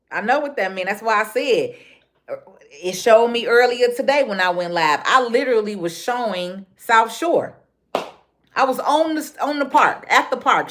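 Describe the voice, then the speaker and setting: A woman's voice: fairly high pitch, a bit bright, a little hiss or hum. A woman with a Chicago accent ranting on a casual phone livestream, blunt and repetitive, with street slang. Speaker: livestream host.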